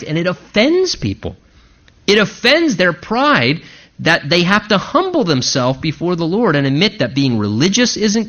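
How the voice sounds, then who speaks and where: A man delivers a sermon with a high, bright voice that swings widely in pitch. He preaches with animation and sometimes mimics an outraged listener. The recording sounds dull and lo-fi. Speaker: pastor.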